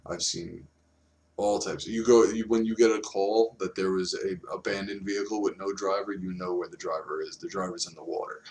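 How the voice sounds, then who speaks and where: A man's voice: low voice, steady tone, moderate pace, darkish tone, slight background noise. A man casually recounting grim work stories on a podcast, blunt and profane. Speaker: podcast host, former officer. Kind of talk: casual storytelling chat.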